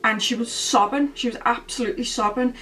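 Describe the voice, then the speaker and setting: A woman's voice: fairly high pitch, steady tone, brisk, bright, forceful tone, recorded from a distance, slight background noise, poor audio. A woman telling a story casually while doing her makeup, rambling and chatty with many fillers. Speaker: beauty vlogger. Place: at home, indoors.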